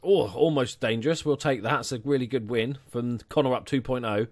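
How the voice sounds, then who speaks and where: A man's voice: mid-range voice, brisk, darkish tone, no echo. A young man commenting casually on his football management game, chatty and jokey, inventing nicknames for his players. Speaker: gaming channel host. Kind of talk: casual let's-play commentary.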